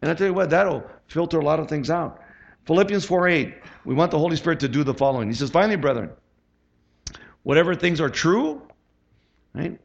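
A gravelly, slightly high-voiced middle-aged man preaching as a pastor, talking to the congregation like a chat and calling for amens. The recording sounds dull and lo-fi. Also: expressive, a little fast. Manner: chatty, asks the congregation for amens. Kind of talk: conversational sermon.

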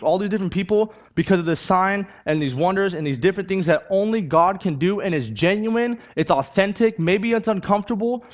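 Man, sermon, earnest, conversational, repeats for emphasis, slightly high voice, muffled church recording. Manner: earnest, repetitive, conversational, building to emphatic peaks. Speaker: preacher. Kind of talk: sermon with personal testimony.

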